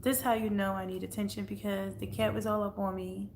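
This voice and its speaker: A woman's voice: mid-range voice, flat delivery, a little fast, a little mellow, faint music behind. A woman chatting casually on a livestream, blunt and profane. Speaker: livestream host.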